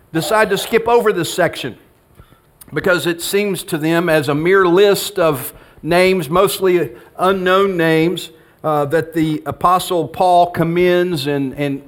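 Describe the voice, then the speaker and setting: A middle-aged male pastor delivering a relaxed, conversational sermon. His voice sits a bit on the higher side for a man, and he tells family stories in a friendly, storytelling manner, often restarting his phrases. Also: a little slow.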